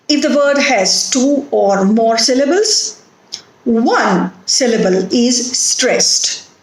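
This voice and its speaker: Woman, Indian English accent, slow deliberate lecture, fairly high voice, echoey room. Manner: slow, deliberate, repeats words to model stress. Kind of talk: recorded phonetics lecture.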